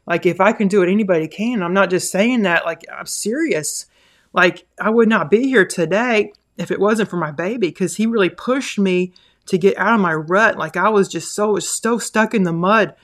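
A woman's voice: mid-range voice, moderate pace. Rambling, earnest woman podcaster. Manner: rambling, full of "like" and "you know"; earnest, encouraging. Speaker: podcast host. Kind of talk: casual podcast monologue.

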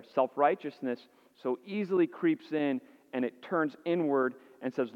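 A man's voice: a little high, measured pace. Earnest man preaching in an echoey hall. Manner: earnest, asks the listeners rhetorical questions; repeats words as he restarts phrases. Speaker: pastor. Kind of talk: sermon. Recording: dull, echoey hall sound.

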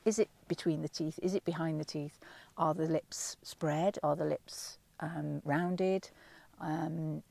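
A woman's voice: low-pitched, fairly even intonation, slow, creaky, warm tone. A middle-aged woman from England, a vocal coach, answering interview questions in a thoughtful, explanatory way with frequent ums and self-corrections.

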